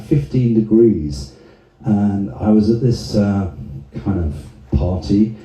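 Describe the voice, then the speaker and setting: Guy doing stand-up on a club stage, dark mellow voice, big echo off the room. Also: fairly low pitch. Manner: laid-back, profane storytelling. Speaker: stand-up comedian. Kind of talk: stand-up comedy set. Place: comedy club stage with live audience. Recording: echoey live venue.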